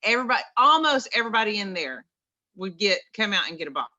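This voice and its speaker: A woman's voice: mid-range voice, big pitch swings, fast, pushed and bright, muffled recording. A woman with an East Texas accent speaking on a video call, giving an enthusiastic, folksy motivational talk that keeps coming back to the same phrase. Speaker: participant sharing on a group call.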